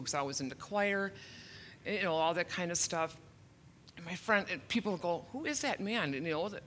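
A woman in her fifties shares her testimony at a church service, her voice bright and forceful. She speaks earnestly and emotionally, a touch nervous, and slips in self-deprecating humor. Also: fairly low pitch. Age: 50s. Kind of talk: personal testimony.

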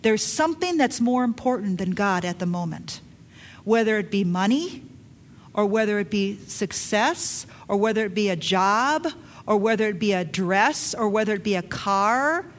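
A middle-aged woman preaching a sermon, emphatic, dropping to hushed lines and rising to loud urgent calls. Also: mid-range voice, lively intonation, normal speed. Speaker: pastor.

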